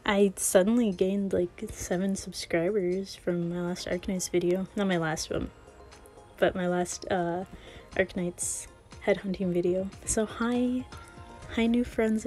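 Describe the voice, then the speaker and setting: A woman's voice: mid-range voice, a little mellow. A woman chatting casually while playing a game; she laughs often, rambles and sounds a little out of breath. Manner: giggly and rambling. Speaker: gaming video creator.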